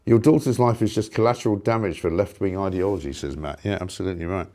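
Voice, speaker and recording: A middle-aged man, hosting a talk show and ranting with indignant sarcasm and loud rhetorical questions. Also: low-pitched, fast. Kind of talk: opinionated ranting monologue.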